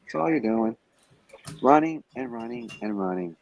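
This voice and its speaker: A man's voice: mid-range voice, animated, normal speed, darkish tone, lo-fi sound. A man in a heated livestream rant, taunting and cursing at a rival, calling in remotely. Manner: profane, confrontational, taunting. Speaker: stream guest. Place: Las Vegas.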